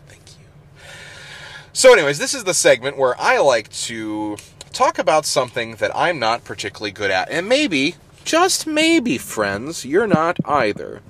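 A man's voice: medium pitch, very animated, moderate pace, fairly bright tone, husky. A man co-hosting a podcast, chatting casually and rambling with lots of fillers and laughs. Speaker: podcast co-host. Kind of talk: casual chat.

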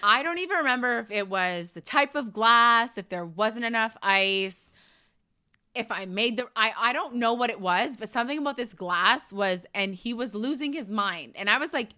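A woman's voice: on the high side, expressive, normal speed, sharp tone. A young woman co-hosting a casual chat, telling stories with animation and swearing freely. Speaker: podcast co-host.

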